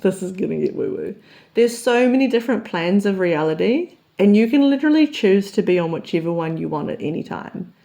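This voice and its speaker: A woman's voice: mid-range voice, expressive, brisk, gravelly. A woman, telling a personal story as an open, reflective vlog monologue. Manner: open, confessional storytelling with soft laughs. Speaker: vlogger.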